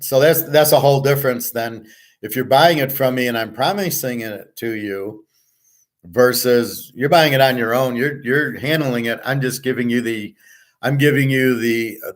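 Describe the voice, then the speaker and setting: A man who handicaps sports bets, talking in a blunt, profane, rambling monologue. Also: medium pitch.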